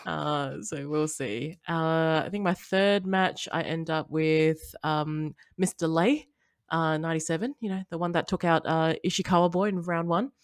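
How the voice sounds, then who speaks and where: Woman, low voice, podcast co-host, giggly storyteller. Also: moderate pace, dry recording, studio quality. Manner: giggly, laughs loudly and often; animated storytelling with quoted voices. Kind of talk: casual chat.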